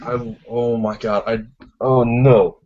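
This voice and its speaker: A man's voice: medium pitch, level tone, takes it slowly, a crowd in the background. A young man in a casual podcast chat, joking and exaggerating, often stumbling over his words. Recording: dull lo-fi audio with faint hiss.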